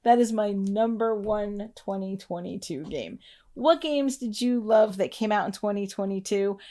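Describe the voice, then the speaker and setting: A woman co-hosting a board game show in casual chat, chatty and quick to laugh. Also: medium pitch, mellow. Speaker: board game podcast co-host.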